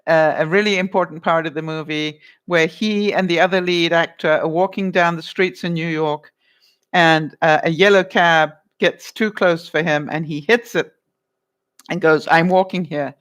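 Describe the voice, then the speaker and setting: A woman's voice: sits low, steady tone, moderate pace. Woman vlogger, casual live-stream chat, chatty and giggly, reads viewer comments. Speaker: vlogger running a movie quiz.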